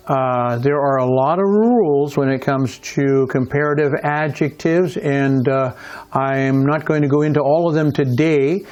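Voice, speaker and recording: A man's voice: on the high side, a little mellow. A man with an American accent teaching an English grammar lesson, explaining step by step and often checking in with "right?". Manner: slow, deliberate explaining with frequent "right?" checks.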